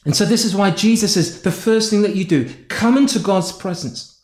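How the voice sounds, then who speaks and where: A man's voice: high-pitched, normal speed, a little mellow, echoey room. A man from North Yorkshire preaching a sermon, telling a personal story and acting out his own frustrated prayers. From North Yorkshire, England. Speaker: pastor.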